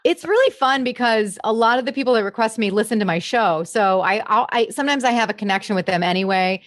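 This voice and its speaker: A woman chatting animatedly in an interview, often laughing and breaking into quick impressions. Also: a little high, no room sound, studio quality. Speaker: impressionist guest. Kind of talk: casual interview chat.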